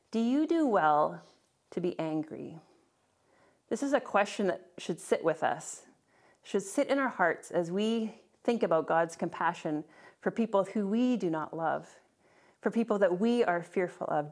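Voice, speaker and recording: A woman teaching a Bible class, explaining scripture in an earnest way and reading verses aloud, with a few restarts along the way. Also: medium pitch.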